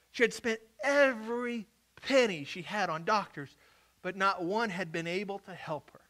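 A male pastor preaching a sermon and telling the story dramatically, shifting from hushed to loud. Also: sits high.

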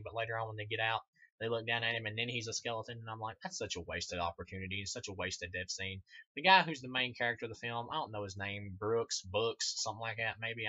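A man with a medium-pitched, pushed, bright voice rambles through a casual spoken film review, swearing freely and laughing at his own remarks. The lo-fi recording sounds dull, with no room sound.

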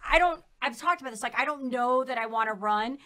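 Middle-aged lady podcast host, bright sharp voice, friendly back-and-forth chat. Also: high voice, brisk. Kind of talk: podcast interview.

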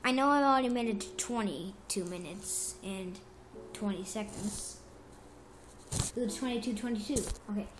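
A woman giving rambling, casual commentary on her gameplay, chatty and excitable and often correcting herself, recorded on a phone. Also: medium pitch, normal speed, a little hiss or hum. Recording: roomy echo with music behind.

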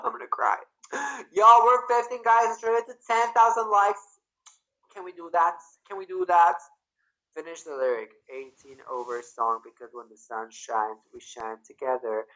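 A man's voice: medium pitch, bright, forceful tone, low-quality recording. A young man from Canada hosting a casual livestream, reading viewers' comments aloud and chatting with them in a bubbly, effusive way. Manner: bubbly and effusive, bursts into squeals. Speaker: livestream host.

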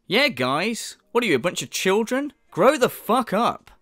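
A man's voice: high voice, big pitch swings, a little slow, a bit bright, no echo, clean studio sound, faint music behind. A man hosting a mocking commentary, sarcastic and sweary, often mimicking others in exaggerated voices. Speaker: commentary channel host.

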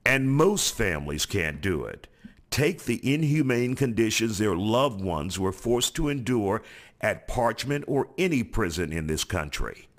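Low-voiced American male news anchor. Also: very animated, unhurried. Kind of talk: scripted news narration.

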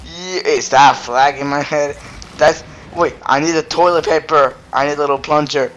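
Through a dull lo-fi mic with faint noise, a man gives casual gameplay commentary, giggling, putting on mock anger and rambling with plenty of filler sounds. His voice is fairly high, fairly bright and fairly even in intonation, at a normal speed.

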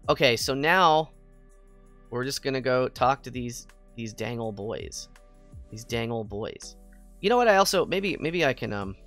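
A young American man chatting playfully while streaming a game, prone to excited squeals. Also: medium pitch. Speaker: VTuber streamer. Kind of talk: casual gaming stream chat.

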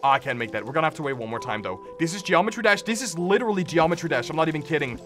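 A young man doing excitable live gameplay commentary, full of yelps and playful exclamations. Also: a little high, rapid-fire, hardly any pauses. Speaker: streamer. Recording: game music under the voice.

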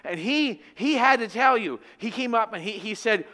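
A man preaching a sermon in church, telling a personal story in an animated, joking, conversational way. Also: high voice, normal speed.

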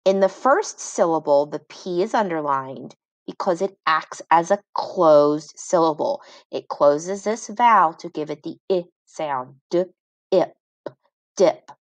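A woman teaches phonics to young children, slowly sounding out each part of a word. Her voice sits a little low and her pace is unhurried. The sound is dry and close, with no room echo. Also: animated. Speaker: reading teacher.

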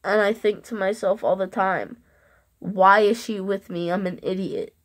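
A woman speaking a heartfelt love message to camera, earnest and halting, with long pauses. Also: medium pitch, fairly even intonation. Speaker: vlogger.

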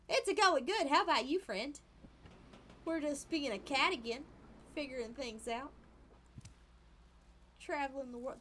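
A young woman streaming a game, talking casually in a very high, bright voice that leaps all over the place. She squeals and giggles at surprises, then drops to murmured asides, with faint game music under her. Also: expressive, moderate pace, pauses often, slight background noise. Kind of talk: casual gameplay commentary.

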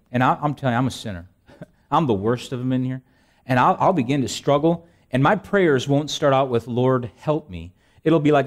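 Man preaching with rhetorical questions. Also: medium pitch. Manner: conversational preaching with rhetorical questions and repeated phrases; self-deprecating humor, frequent restarts. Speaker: pastor. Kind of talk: sermon.

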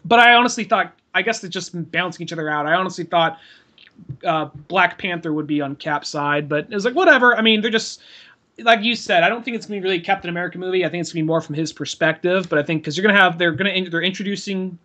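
A man's voice: high voice, fast talker, sharp tone. A man co-hosting a podcast in casual chat, giving meandering opinions. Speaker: podcast co-host.

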